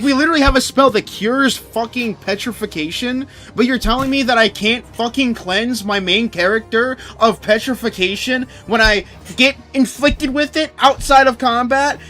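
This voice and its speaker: Young man, game streamer, high-pitched, sharp bright voice, angry sarcastic profane rant.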